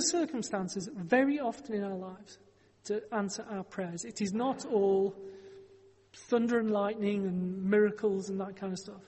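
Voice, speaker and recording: A man's voice: sits high, measured pace, darkish tone, husky, long reverb tail. A man preaching a sermon, telling a Bible story in a conversational way with wry joking asides.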